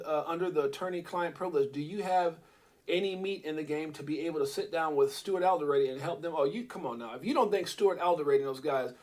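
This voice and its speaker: A middle-aged man hosting a casual crypto livestream, rambling and breaking into loud excited bursts. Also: on the high side.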